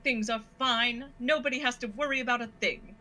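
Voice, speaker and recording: A woman voicing a male dog who is an evasive, placating town mayor, dropping into a lower voice. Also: fairly quick, bright, forceful tone, slight background noise, poor audio.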